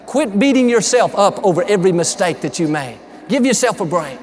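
A man's voice: high-pitched, big pitch swings, fairly quick. A man preaching a sermon in an upbeat, emphatic way, mixing encouragement with folksy stories. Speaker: pastor.

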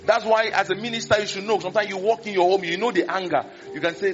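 Brief: high-voiced male preacher, lively storytelling sermon. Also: fast, soft background music. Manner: animated, acts out scenes, exclamations. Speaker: pastor. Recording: dull lo-fi recording.

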